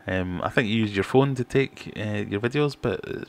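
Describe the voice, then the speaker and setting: A middle-aged British man hosting a relaxed livestream, chatting and reading out viewer comments in a self-deprecating way. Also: on the low side, normal speed. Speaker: fishkeeping livestream host. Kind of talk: casual livestream chat.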